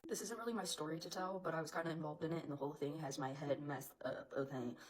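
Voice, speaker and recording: Fast-talking chatty woman telling a story. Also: low-pitched, a crowd in the background, rough recording. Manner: animated, chatty, lots of fillers. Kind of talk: casual storytime.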